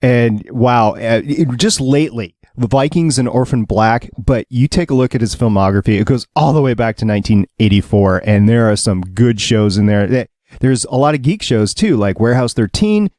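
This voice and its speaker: A man's voice: medium pitch, moderate pace, hardly any pauses, a little mellow, dry recording, studio quality. A man hosting a podcast, upbeat and rambling, laughing easily as he chats. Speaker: podcast host. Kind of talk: casual podcast chat.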